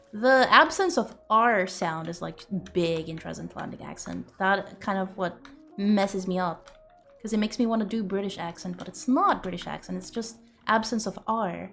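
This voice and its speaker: A woman's voice: mid-range voice, moderate pace, creaky, fairly bright tone, faint music behind. A woman streamer chatting casually and playfully with her viewers, rambling and joking crudely.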